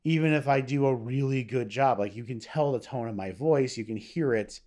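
A man's voice: mid-range voice, moderate pace, warm tone. A young man co-hosting a podcast in casual chat, rambling with lots of fillers and swearing. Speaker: podcast co-host.

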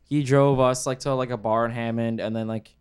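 A man's voice: medium pitch, fairly even intonation, brisk, clear, resonant tone. A young man, telling a rambling story in casual podcast chat, full of fillers. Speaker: podcast co-host.

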